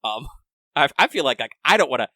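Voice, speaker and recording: A man's voice: mid-range voice, brisk, no echo. A man co-hosting a casual gaming podcast, joking and ranting with plenty of profanity. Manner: animated, profane, joking rants. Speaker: podcast co-host.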